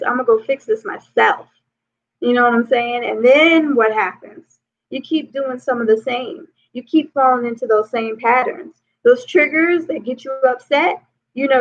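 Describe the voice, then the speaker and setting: A woman life coach talks through relationship advice, fairly high in pitch with a gravelly edge of vocal fry. Her delivery is loose and chatty, full of "you know". The sound is tinny and narrow, as if heard over a phone line. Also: a little hiss or hum. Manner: conversational, peppered with "you know".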